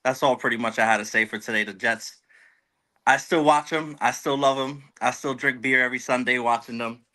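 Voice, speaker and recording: A man's voice: mid-range voice, steady tone, brisk, bright, forceful tone. A man calling in to a sports show, speaking in an easygoing, earnest way. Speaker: caller. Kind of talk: casual fan call-in.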